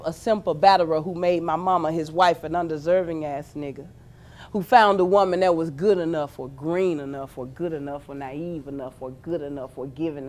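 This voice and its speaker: Intense Southern spoken-word poet woman. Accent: Memphis Southern American. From Memphis, Tennessee. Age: 30s. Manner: intense, swinging from hushed low lines to shouted peaks. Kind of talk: spoken-word poetry performance.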